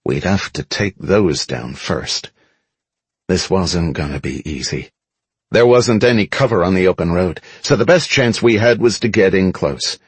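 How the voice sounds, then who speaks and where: A man narrates a first-person action story for an audiobook in a low, husky voice. His pitch swings widely with dramatic emphasis. The recording is close and dry. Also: lively intonation, a little slow, no room sound.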